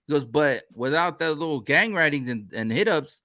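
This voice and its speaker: Male podcast host, laid-back and profane, animated pitch, dry close sound. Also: normal speed, hardly any pauses, no echo. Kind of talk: casual chat.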